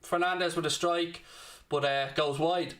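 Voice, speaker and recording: A man's voice: on the high side, fairly even intonation, a little slow, fairly bright tone. A young man hosting a live football watchalong, commentating on the match and ranting and swearing back at his chat. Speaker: watchalong host.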